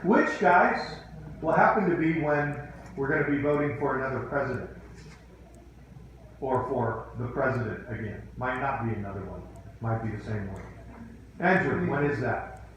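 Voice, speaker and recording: A man's voice: medium pitch, moderate pace, pauses often, fairly bright tone. Teacher quizzing his class, echoey room. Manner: quizzing, firm, dryly teasing. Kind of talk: classroom lesson with questions to students. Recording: echoey room, faint background noise.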